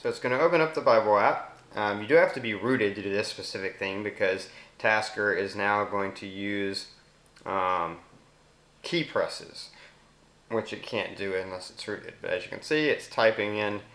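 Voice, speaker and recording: A man with a Southern US accent casually explaining a phone app, speaking voice commands slowly and clearly in between. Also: fairly low pitch, a bit bright. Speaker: app demonstrator. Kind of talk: casual screen demo narration. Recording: roomy echo.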